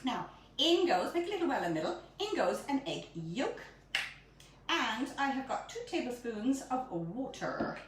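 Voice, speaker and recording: A chatty middle-aged woman with a high, lively voice that jumps all over the place. She talks through a live baking demo in her home kitchen, caught on a phone held some way off, with a lot of room echo and faint noise behind. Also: normal speed. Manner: bubbly, chatty and animated. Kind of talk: live-streamed cooking demonstration. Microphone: phone camera held by a helper at a distance. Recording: echoey room, phone mic from far off.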